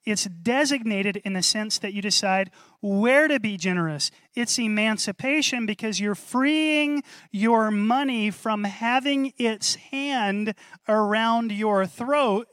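A man preaching a sermon to a congregation, animated, repeating key phrases and calling for responses. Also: high voice, no room sound, clean studio sound. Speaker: pastor.

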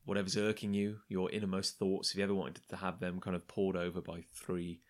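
A man co-hosting a comedy podcast, chiming in with dry, quick quips in casual banter. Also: low-pitched, completely flat delivery. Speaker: podcast co-host.

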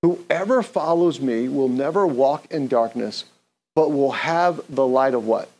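A man's voice: medium pitch, measured pace, darkish tone. A man preaching an earnest, conversational sermon, leading the congregation in call-and-response. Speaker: pastor.

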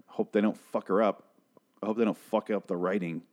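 A man casually recapping a TV episode, swearing freely and acting out characters' lines in quick put-on voices. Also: lowish voice, fairly even intonation, darkish tone.

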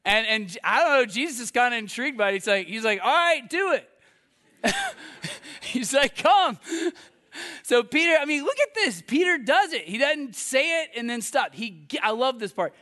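A male preacher with a high, bright voice, giving a sermon in an animated, storytelling way. He acts out the voices of the people he quotes and laughs at himself often. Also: a little fast. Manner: laughs often, self-deprecating. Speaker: pastor.

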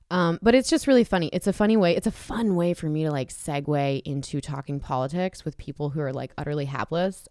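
A woman's voice: low voice, a little mellow, no echo, clean studio sound. A woman talking frankly in casual chat as a podcast co-host, chatty and candid with lots of filler words.

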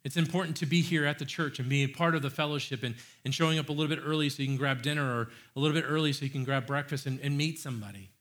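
A man preaching a sermon as pastor, animated and earnest, acting out excited praise and restarting his phrases. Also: medium pitch, racing, few pauses. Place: church.

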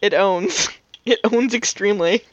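A woman's voice: mid-range voice, unhurried, no echo. A woman co-hosting a podcast, recapping a teen drama in loose, swearing chat full of fillers and laughter. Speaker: podcast co-host.

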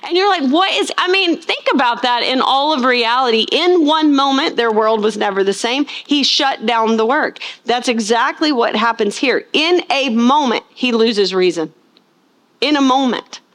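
A woman's voice: on the high side, lively intonation, normal speed, a bit bright. A woman preaching a sermon, stressing key words and asking her listeners rhetorical questions. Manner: asks the congregation rhetorical questions; acts out scenes in funny voices.

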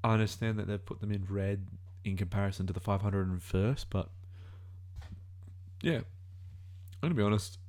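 Man, 20s, Australian accent, fairly low voice, rambling reaction commentary, thinking aloud. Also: moderate pace, long pauses, darkish tone. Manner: musing aloud, rambling, self-correcting. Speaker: video reactor.

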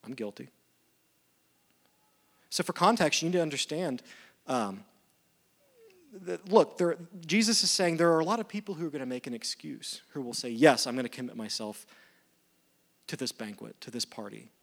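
A man's voice: fairly high pitch, normal speed, vocal fry, pauses often. A male pastor preaching a sermon in a conversational way, acting out the lines of the parable. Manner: conversational, animated retellings of dialogue.

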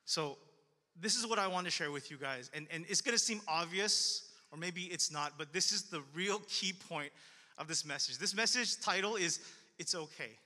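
A man's voice: a little high, normal speed, sharp tone, in a large hall. A man preaching a sermon in an earnest, casual and conversational way, often repeating his main line. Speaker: pastor.

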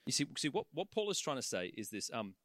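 A man preaching a sermon in church, animated and conversational, acting out the voices of the people he talks about. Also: mid-range voice, quick pace, no room sound, studio quality.

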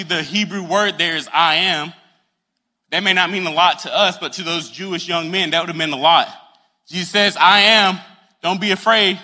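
An earnest male pastor who preaches in a conversational way and acts out the stories he tells. His voice is very bright and forceful and sits a little high for a man. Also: big-room sound. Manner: earnest and conversational, acting out the scenes he describes. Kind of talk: sermon.

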